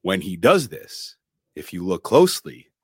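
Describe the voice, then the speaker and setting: Deep-voiced man eagerly retelling a film. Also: a little slow, slight background noise. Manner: animated storytelling with frequent restarts. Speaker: podcast host. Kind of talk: casual retelling of a film scene.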